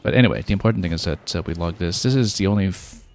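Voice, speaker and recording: A man's voice: low voice, racing, vocal fry, darkish tone, slight background noise. A man streaming a video game, thinking aloud and planning his next moves with casual fillers. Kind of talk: casual gameplay commentary.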